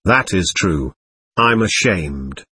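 A man's voice: low voice, expressive, slow, sharp tone, breathy edge, dry recording, clean studio sound, pitched below the performer's own voice, heavily acted. A man voicing the ghost of a selfish man, speaking in a subdued, remorseful way. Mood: ashamed.

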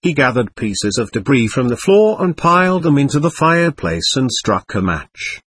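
A man narrating a first-person memoir as an audiobook, in an earnest, measured storytelling manner. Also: medium pitch, very animated, fairly bright tone, slightly rough.

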